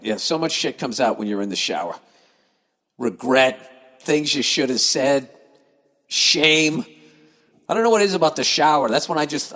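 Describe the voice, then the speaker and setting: A man on a podcast reads out listener mail and then tears into it, cursing freely and sounding exasperated and sarcastic. His voice sits a little high for a man. A long reverb trails behind his words. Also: fairly bright tone. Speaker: podcast host. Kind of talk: reading listener emails and ranting comedically.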